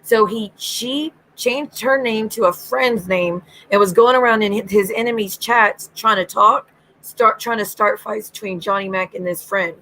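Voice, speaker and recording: A woman's voice: mid-range voice, a little slow, sharp tone, low-quality recording. A woman hosting a livestream, telling gossip in a casual, chatty way, acting out what others said and swearing freely, often breaking into giggles. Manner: gossipy storytelling, acts out quoted lines, swears freely. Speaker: livestream host. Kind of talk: casual chat.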